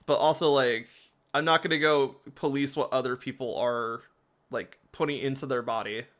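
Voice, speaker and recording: A man's voice: medium pitch, fairly even intonation, moderate pace, a bit bright. A man giving casual, rambling commentary while playing a game, often laughing.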